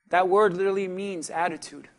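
A man with a strikingly high voice preaches a sermon from the pulpit. He pulls the congregation into call-and-response and swings between hushed asides and shouted peaks. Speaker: pastor.

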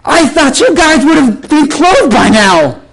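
A man's voice: very high-pitched, big pitch swings, unhurried, fairly bright tone, pitched above the performer's own voice, full character voice, poor audio. A man putting on a chirpy, nosy church lady. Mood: sugary prying. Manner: sweet, prying. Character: cheery, tactless churchgoing woman.

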